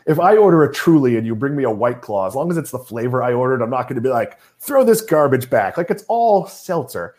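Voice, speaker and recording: Middle-aged male host from Massachusetts, lively delivery, teasing and opinionated. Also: medium pitch, fast, hardly any pauses. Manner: joking, opinionated. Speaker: podcast host. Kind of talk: casual chat.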